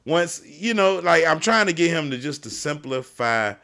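High gravelly man, animated storyteller. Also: moderate pace. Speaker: podcast host and youth football coach. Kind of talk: casual chat.

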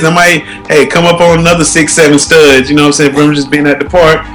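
A man who coaches youth football chats in a loose, slangy way, slightly higher than most men. Faint music plays softly underneath. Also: steady tone, a little fast. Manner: laid-back, slangy, lots of "you know what I'm saying". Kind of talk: casual chat.

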